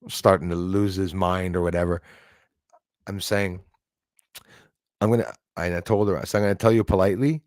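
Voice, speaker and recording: A man hosting a live stream, telling a story in a casual, animated way full of fillers. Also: fairly low pitch, no echo, studio quality. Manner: animated, acts out quoted voices, frequent fillers.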